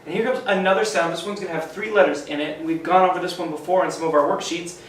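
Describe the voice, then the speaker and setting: Male teacher for a kids' phonics lesson, slow and encouraging, a bit high, echoey room. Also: fairly even intonation, a little hiss or hum. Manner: slow, encouraging, sounds out letters. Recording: echoey room, mic at a distance.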